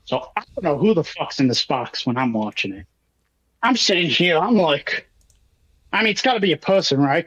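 A podcast co-host walking through a show beat by beat in loose, casual chat. The talk is peppered with swearing and quick acted-out asides, at a middling pitch. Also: fairly bright tone, breathy edge, rough recording. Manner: profane, chatty play-by-play with acted-out asides. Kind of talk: casual chat recapping wrestling.

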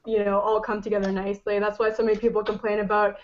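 A woman hosting a casual chat, talkative and quick to laugh. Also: medium pitch, completely flat delivery. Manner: chatty, laughs easily. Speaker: host. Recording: muffled lo-fi with faint hiss.

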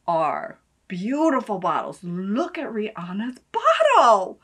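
Gushing woman with a bright voice. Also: a little high, huge pitch swings, unhurried, few pauses, husky. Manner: gushing and effusive, swinging between hushed asides and loud exclamations. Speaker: beauty vlogger. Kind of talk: casual unboxing vlog.

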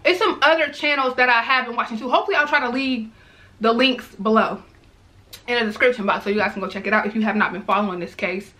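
Woman, vlogger, higher pitch, bright forceful tone, heartfelt, repetitive, casual talk to viewers. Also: fast, poor audio. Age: adult, mother of young girls. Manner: heartfelt, repeats herself, addresses viewers as y'all. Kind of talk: emotional casual commentary to viewers.

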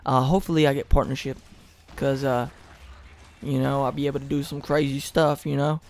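A teenage young man giving rambling, excitable commentary over gameplay, close to his mic. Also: mid-range voice, a little fast, creaky, no room sound. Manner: rambling, hyped, self-mocking. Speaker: gaming commentator. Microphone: close desk mic.

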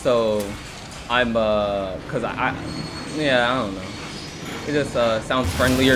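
A man commentating his own horror game playthrough, excitable, joking and yelling for help as he plays. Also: medium pitch, unhurried, long pauses, background noise. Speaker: gaming channel host. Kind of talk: let's play commentary.

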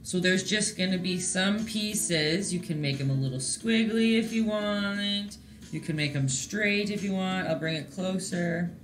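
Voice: medium pitch, a little slow, a bit bright, faint music behind. Chatty painting teacher, roomy sound. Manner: chatty, encouraging, talks to viewers in chat. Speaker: painting teacher and stream host. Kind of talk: live-streamed painting lesson.

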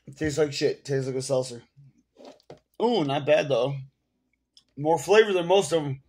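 A man's voice: fairly high pitch, a little slow, a little mellow, husky. Profane New York guy ranting. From Bronx, New York. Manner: profane, rambling, full of fillers. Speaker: vlogger. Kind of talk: casual rant to camera. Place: at home.

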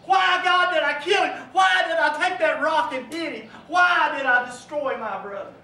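A man's voice: very high-pitched, moderate pace, bright, forceful tone, exaggerated voice. A man preacher voicing a tormented man in hell who wails and pleads over his brother's blood. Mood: anguished. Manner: wailing, pleading cries. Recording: echoey room, from far off.

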